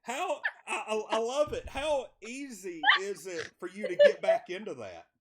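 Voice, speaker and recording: Excitable stammering male host. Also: high voice, moderate pace, crowd noise. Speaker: podcast host. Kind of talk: casual interview. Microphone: video call.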